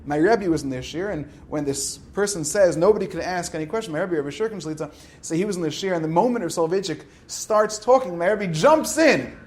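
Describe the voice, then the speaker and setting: A rabbi in midlife gives a storytelling Torah talk to high school students. His voice sits a little high for a man. He swings from loud, animated telling to hushed asides. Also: fast.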